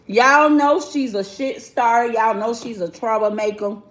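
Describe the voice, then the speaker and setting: A woman in her forties runs a casual live-stream commentary, addressing her chat in a slow, unhurried drawl. Her voice sits a little high, blunt and sassy. The room around her rings with a noticeable echo. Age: 40s. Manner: drawn-out, talks straight to the chat.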